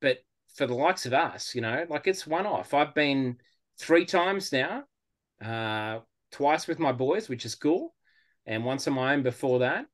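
An Australian man as a podcast guest, talking in a relaxed, rambling way with lots of fillers. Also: mid-range voice, a little slow. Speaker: guest fan. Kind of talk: casual podcast interview.

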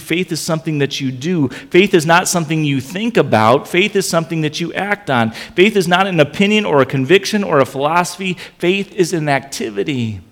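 A man's voice: on the high side, in a large hall. A man preaching a sermon in a conversational way, often repeating his phrases. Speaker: pastor.

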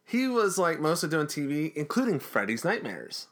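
Animated man in casual chat. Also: fairly high pitch, moderate pace. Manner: chatty, animated, jokey. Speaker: podcast co-host.

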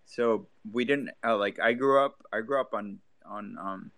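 A man from Lebanon chatting casually, halting and full of fillers. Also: lowish voice, fairly bright tone, no room sound. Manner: halting, lots of fillers and restarts. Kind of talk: casual chat.

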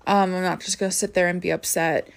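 A woman's voice: lowish voice, little pitch movement, fast talker, gravelly. Tired young woman rambling casually. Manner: rambling, many fillers and restarts. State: tired, yawning. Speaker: podcast host. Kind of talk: casual personal vlog talk.

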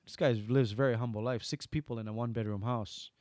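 A man, a guest on an interview podcast, telling lively stories and acting out the dialogue. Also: medium pitch, quick pace, no echo, studio quality. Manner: lively storyteller, acts out dialogue. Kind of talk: casual interview storytelling.

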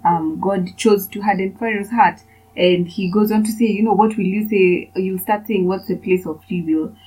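A woman's voice: fairly low pitch, warm tone, husky, poor audio. A young woman hosting a podcast, talking in a chatty, rambling way full of fillers as she shares a casual devotional. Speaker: podcast host.

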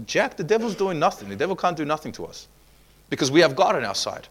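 Male pastor, punchy preaching delivery, voice sits a touch high. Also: sing-song, fast, slight background noise. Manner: emphatic preaching with quoted asides. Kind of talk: sermon.

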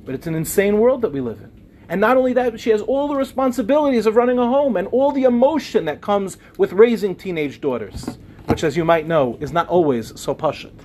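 High-voiced man telling a relationship story. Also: expressive, brisk, slight background noise. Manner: storytelling, acts out quoted dialogue in softer voices. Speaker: speaker on relationships. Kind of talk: talk to a live audience.

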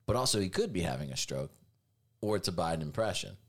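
A man hosts a podcast in a casual, sarcastic banter, his voice sitting fairly low. His pitch swings widely as he jokes and reads sponsor spots. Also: quick pace. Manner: sarcastic, jokey, animated delivery. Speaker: podcast host.

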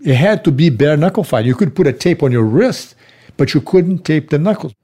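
A man's voice: on the high side, expressive, brisk, dark tone, husky. A man being interviewed, recalling events in a blunt, matter-of-fact way. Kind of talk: casual recollection.

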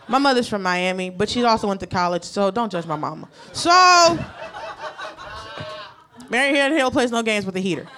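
A woman's voice: sits high, fairly bright tone. A woman doing stand-up, telling a profane story and acting out the voices of the people in it. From United States. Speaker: stand-up comedian. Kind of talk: stand-up comedy set.

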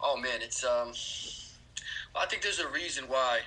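A man speaking as a podcast guest, earnest and hesitant, often pausing with fillers. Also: mid-range voice, bright, forceful tone, slightly rough, low-quality recording. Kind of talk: casual chat.

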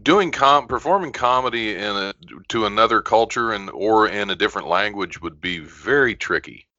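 A man's voice: fairly low pitch, animated, moderate pace, bright, forceful tone, dry recording, lo-fi sound. A man hosting a radio talk show, chatting casually with short agreeing replies.

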